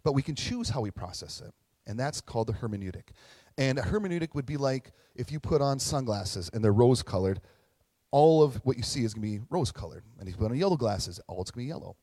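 Young guy pastor giving a chatty storytelling sermon, mid pitch, dry close sound. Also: big pitch swings, fast, mellow, no echo. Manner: casual, storytelling, acts out quoted voices.

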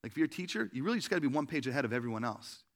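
A man's voice: animated, racing. A man giving a conversational sermon, full of fillers and rhetorical "right?" questions, sometimes acting out quoted voices. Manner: acts out quoted voices with big jumps in pitch and volume. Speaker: pastor.

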